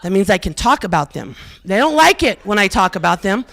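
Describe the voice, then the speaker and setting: A woman's voice: medium pitch, very animated, fairly quick, creaky, fairly bright tone. A middle-aged woman performing a stand-up comedy set on a theater stage, telling stories with brassy, self-mocking asides and punchy lines. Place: historic theater stage with live audience.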